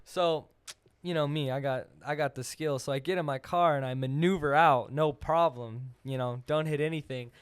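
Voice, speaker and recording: High-voiced young guy on a podcast, animated storytelling, lots of "like". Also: moderate pace, clean tone. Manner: animated, full of "like", acts out voices in his stories. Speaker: podcast host. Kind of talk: casual storytelling chat.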